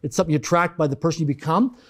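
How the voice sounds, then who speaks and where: A man's voice: on the high side, rapid-fire. A man telling a personal business story in casual conversation, acting out the voices of the people in it. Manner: animated storyteller acting out quoted dialogue. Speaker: podcast guest.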